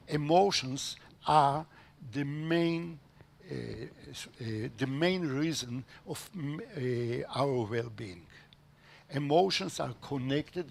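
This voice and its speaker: A man giving a halting conference talk as a panel speaker, with many hesitations. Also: fairly high pitch, vocal fry.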